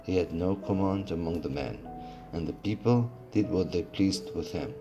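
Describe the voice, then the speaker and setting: A man reading a classic adventure novel aloud, steady but with occasional slips and restarts. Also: deep voice, moderate pace, over music. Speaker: audiobook reader.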